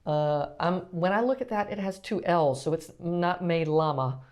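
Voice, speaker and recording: A woman's voice: lowish voice, animated, moderate pace, darkish tone. Woman therapist asking hesitant questions. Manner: hesitant, many ums and restarts, asks questions. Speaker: pediatric physical therapist teaching. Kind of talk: casual spoken lesson.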